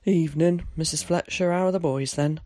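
A reader voicing a gruff, kind old countryman who speaks tersely in rural dialect, in an audiobook. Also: medium pitch, steady tone, brisk, warm tone, no echo, studio quality, close to an everyday voice. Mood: curt. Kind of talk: audiobook character voice.

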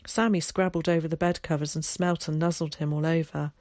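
A woman reading a storybook aloud, measured and expressive. Her voice sits on the low side, and the recording is dry and close with no room sound. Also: no echo. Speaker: audiobook narrator. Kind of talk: storybook narration.

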